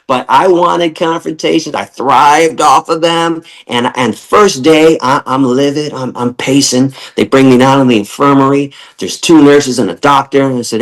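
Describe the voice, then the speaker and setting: Man, middle-aged, animated storyteller, mid-pitched voice, repeats words, podcast guest. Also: moderate pace, low-quality recording.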